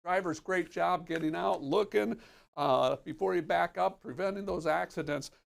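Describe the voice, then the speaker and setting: Gravelly man hosting a safety segment. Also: sits high, normal speed. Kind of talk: live stream talk.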